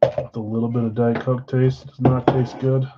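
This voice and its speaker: A man's voice: medium pitch, flat delivery, moderate pace, heavy background noise. Guy running a card break stream, kinda sleepy, reads names off a list, muffled lo-fi sound. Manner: casual, reads names off a list, tired and yawning. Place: card shop.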